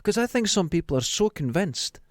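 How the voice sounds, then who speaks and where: A man's voice: high-pitched, fairly quick, no room sound. Scottish man telling stories, dry close sound. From Scotland. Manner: animated storyteller acting out quotes. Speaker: podcast host. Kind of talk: casual chat.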